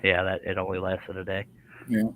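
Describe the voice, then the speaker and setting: A man chatting on a live stream from his workshop, his voice bright and forceful and sitting a touch low. He jokes about himself and reads out viewer comments in a loose, easygoing way. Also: level tone, fairly quick, a little hiss or hum, rough recording. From Texas. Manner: joking, self-mocking, reads viewer comments aloud. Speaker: woodworking live stream host. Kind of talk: casual live stream chat.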